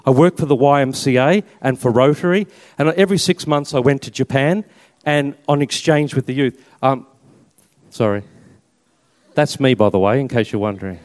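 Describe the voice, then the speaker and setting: Australian priest telling stories in a hall. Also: male voice, mid-range voice, moderate pace, a little mellow. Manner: chatty storyteller with self-mocking humour. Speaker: Catholic priest and army chaplain. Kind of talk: personal testimony talk with slides. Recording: long reverb in a hall.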